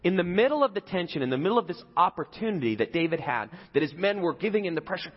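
Animated preacher in an echoey hall. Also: male voice, on the high side, fast talker, few pauses, husky, dull audio. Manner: conversational, asks the audience questions. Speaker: pastor. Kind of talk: sermon.

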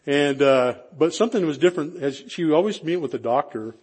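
A man preaching in a relaxed, conversational way, telling a personal story with self-deprecating humor and frequent restarts. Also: on the high side, brisk, breathy edge.

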